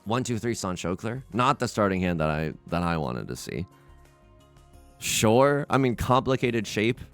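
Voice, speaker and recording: A man's voice: on the low side, very animated, measured pace, fairly bright tone, soft background music. A young man casually commenting on his own game play, rambling and self-mocking with frequent restarts. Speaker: let's play host.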